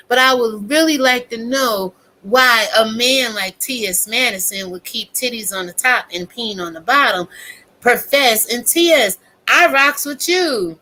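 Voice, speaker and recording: A woman giving a casual, profane, animated rant as a YouTube commentator, talking straight to her viewers. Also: on the high side, a little hiss or hum.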